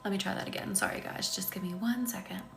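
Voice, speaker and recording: A woman in her thirties leads spoken affirmations on a live stream, gentle and chatty, and keeps pausing to thank people in the chat. Her voice sits at a middling pitch. She talks into a computer mic in an echoey room with faint music behind her. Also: creaky. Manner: gentle, chatty, often breaking off to read comments. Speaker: healing coach hosting a live session.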